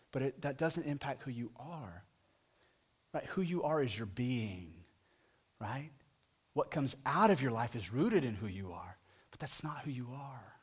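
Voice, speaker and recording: A man preaching a sermon as a story, talking with the congregation and moving between loud emphasis and a soft hush. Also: medium pitch. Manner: conversational, asks the congregation questions. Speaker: pastor.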